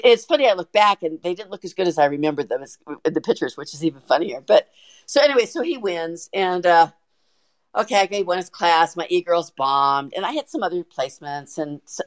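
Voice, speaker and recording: Low-voiced woman telling a story eagerly. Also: no echo. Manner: excited, animated retelling with frequent restarts. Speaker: podcast guest. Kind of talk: casual storytelling.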